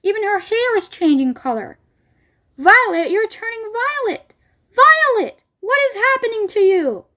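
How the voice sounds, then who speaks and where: A doting mother from a storybook who shrieks and screeches in panic, voiced by a woman reading aloud. Her voice climbs very high. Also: big pitch swings, measured pace, sharp tone, exaggerated voice. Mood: panicked.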